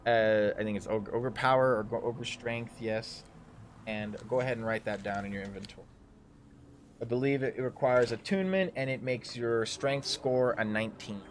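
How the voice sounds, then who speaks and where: A man narrating a tabletop game livestream as dungeon master, improvising in a halting way. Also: mid-range voice, a little hiss or hum.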